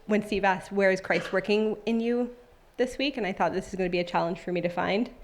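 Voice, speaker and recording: A woman in her thirties speaks at a church service in a mid-range voice and at a fairly quick pace. She shares a personal testimony in a conversational, heartfelt way, full of fillers, and then reads scripture aloud.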